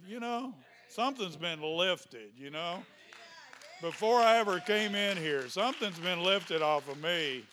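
High, bright-voiced pastor preaching. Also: male voice. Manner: impassioned, shouting calls with folksy asides. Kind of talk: fervent sermon with speaking in tongues. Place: church sanctuary with congregation. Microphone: handheld microphone.

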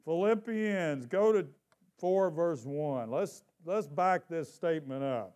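A man's voice: a little high, animated, a little mellow. A man preaching a sermon in church, calling out questions to the congregation and stretching out scripture lines for emphasis. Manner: call-and-response with congregation, drawn-out emphatic scripture reading. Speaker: pastor.

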